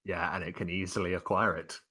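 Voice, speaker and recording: Low-voiced game master narrating. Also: male voice, fairly even intonation, brisk, bright, forceful tone. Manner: descriptive, hesitant with many fillers.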